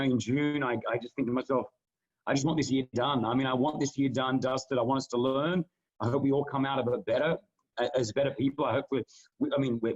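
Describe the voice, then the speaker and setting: A man in his thirties co-hosting a podcast in relaxed conversation. He talks earnestly and rambles, stopping and restarting his thoughts as he goes. His voice sits at an ordinary pitch, and the recording sounds slightly dull. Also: husky. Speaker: podcast co-host. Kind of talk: casual conversation.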